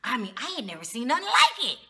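A woman's voice: sits high, wildly swooping pitch, quick pace, sharp tone. A woman recapping a reality TV episode in a casual vlog, outspoken and slangy, with frequent exclamations. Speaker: TV show reviewer.

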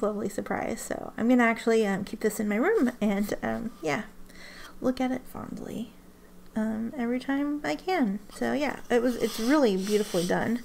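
Chatty woman with a gravelly edge. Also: fairly high pitch, a little mellow. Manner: chatty, rambling, many restarts and ums. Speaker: ink swatching vlogger. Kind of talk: casual chat to camera.

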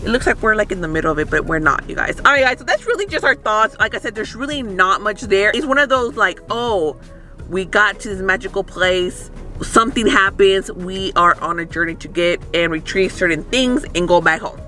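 A man's voice: high voice, expressive, brisk, bright, forceful tone, soft background music. A man casually reviewing a film from inside his parked car, rambling with many fillers. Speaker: movie review vlogger. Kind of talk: casual chat.

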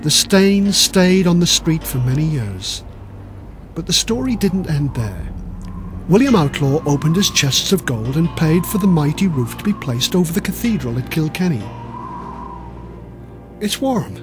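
A man's voice: a little high, expressive, normal speed, over music. A man giving scripted narration of a children's history story in a dramatic, vivid way.

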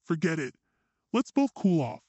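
Domineering husband, curt and dismissive, read by a man, slightly high voice, dry close sound. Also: sing-song, unhurried, mellow, dry recording, lo-fi sound. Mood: impatient. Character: domineering impatient adult husband.

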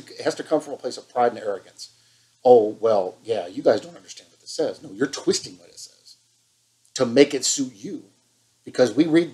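A man's voice: mid-range voice, darkish tone, low-quality recording. A man preaching an impassioned online sermon, fired up and scolding, hammering points with repetition.

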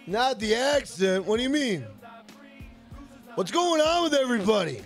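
A man's voice: extremely high pitch, big pitch swings, normal speed, soft background music. A man live-streaming a game, chatting casually and profanely while reading viewers' messages aloud. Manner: rambling, profane, jokey, reads chat aloud. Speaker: gaming streamer.

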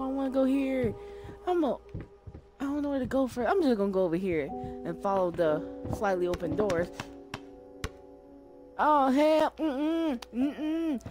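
A woman streamer playing a horror game, jumpy and frightened, swearing and talking back to the game. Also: fairly high pitch. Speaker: gaming streamer. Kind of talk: horror game let's play. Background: loud game music.

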